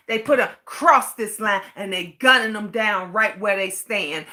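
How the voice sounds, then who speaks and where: A woman's voice: sits high, bright, forceful tone. A woman ranting to camera, outraged and profane, firing off repeated rhetorical questions. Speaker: vlogger. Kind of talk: impassioned rant to camera.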